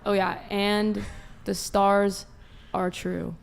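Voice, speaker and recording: Woman panelist, flat gravelly voice, rambling. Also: mid-range voice, drawn-out words. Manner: rambling, circling back on her point. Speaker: panel guest. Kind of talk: casual chat.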